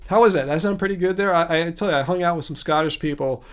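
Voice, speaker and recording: A man with a fairly high voice hosts a relaxed livestream, chatting through viewer comments. He rambles, circles back on himself and restarts often, with small chuckles along the way. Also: quick pace, clean tone. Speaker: livestream host. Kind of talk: casual livestream chat answering viewer comments.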